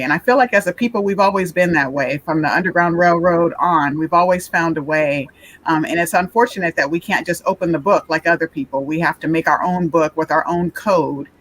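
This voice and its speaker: A woman's voice: deep voice, a bit bright. A woman panelist speaking thoughtfully and steadily in a panel discussion.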